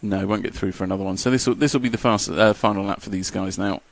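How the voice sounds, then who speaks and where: A man's voice: on the low side, steady tone, fast talker, creaky, dry recording. Chatty man calling an RC race. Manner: chatty, jokey, reads out lap times. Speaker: race commentator. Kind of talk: live sports commentary.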